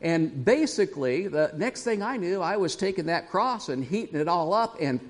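A man preaching a sermon, telling a story with animated restarts and laughing along with his listeners. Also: high-pitched, moderate pace, a little hiss or hum. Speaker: pastor.

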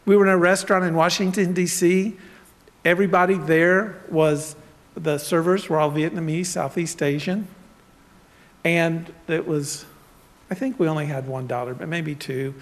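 A man's voice: a little high, steady tone, normal speed. A man preaching a casual sermon, telling everyday stories and talking directly to his congregation. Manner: conversational, storytelling, asides to congregation. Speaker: pastor. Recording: long hall reverb.

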